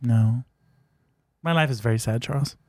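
A man's voice: mid-range voice, normal speed, dry recording. A man co-hosting a podcast in casual chat, reacting to stories with laughs and teasing remarks. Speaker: podcast co-host.

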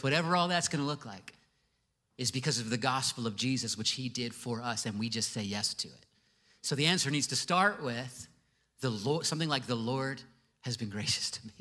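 A man's voice: mid-range voice, bright, forceful tone. A male pastor giving a sermon to a congregation, conversational with joking asides. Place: church before a congregation.

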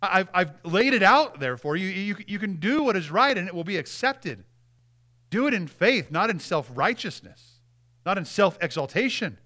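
A preacher voicing a plain-spoken, patient God. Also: male voice, high voice, very animated, moderate pace, bright, forceful tone, voice pushed up, heavily acted. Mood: correcting. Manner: casual, matter-of-fact correcting.

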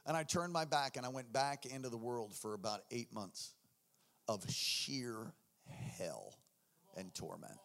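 A man preaching a sermon, telling his story with acted-out voices and shouts. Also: mid-range voice, expressive, measured pace, creaky. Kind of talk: sermon testimony.

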